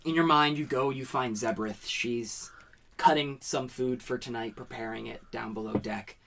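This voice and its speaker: A man's voice: mid-range voice, normal speed, gravelly, fairly bright tone. A man as game master, narrating a tabletop roleplaying scene in a descriptive, dramatic way.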